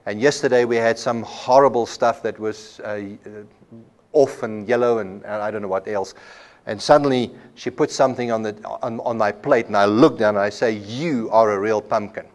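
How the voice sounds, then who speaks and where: Delivering a Bible college class, a South African man speaks at normal speed in a fairly low voice. He uses everyday examples and often repeats a word as he begins a phrase again.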